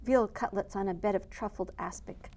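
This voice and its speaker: A woman reading a picture book aloud to listeners with an expressive, animated delivery. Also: medium pitch, moderate pace. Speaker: storyteller.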